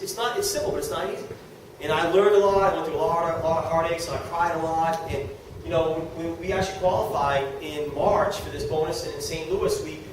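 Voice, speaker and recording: High-voiced excitable man speaking in echoey room. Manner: excitable, repeats words, laughs while talking. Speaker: network marketing speaker. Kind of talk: motivational talk to a live audience. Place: meeting room with an audience. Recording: echoey room, distant mic, background noise.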